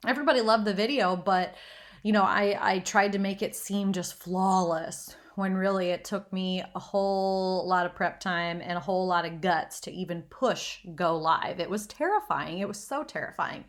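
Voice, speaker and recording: A woman's voice: mid-range voice, moderate pace. A woman from the American Midwest, in her thirties, hosting a solo podcast and talking candidly with casual swearing and self-deprecating humor. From Northwest Iowa, USA. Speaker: podcast host and confidence coach.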